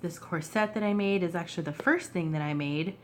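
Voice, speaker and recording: A woman giving a relaxed, chatty show-and-tell of her handmade journal, clearing her throat now and then between fillers. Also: lowish voice, a little fast, slight background noise. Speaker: craft vlogger. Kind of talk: casual show-and-tell craft video.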